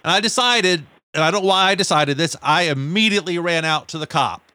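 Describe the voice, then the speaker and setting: A man co-hosting a talk show, telling a story in an animated, self-deprecating way. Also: on the high side, fairly quick, no echo. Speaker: podcast co-host. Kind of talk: casual storytelling.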